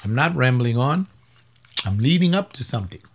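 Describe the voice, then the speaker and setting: A tired, aching male pastor giving a webcast talk in a voice of ordinary pitch. He rambles in a loose, conversational way, firing off blunt rhetorical questions. He often sinks low and quiet, then climbs sharply when he pushes a point. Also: sing-song, normal speed, slight background noise. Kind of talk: webcast commentary reading and answering a paper.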